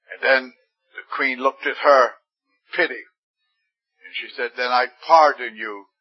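A man preaching a sermon with fervent emphasis, his voice rising suddenly on key words. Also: a little high. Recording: dull lo-fi recording.

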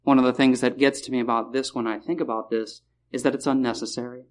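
A man preaching a sermon in a chapel, repeating key phrases and slowing down to stress words. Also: medium pitch, flat delivery.

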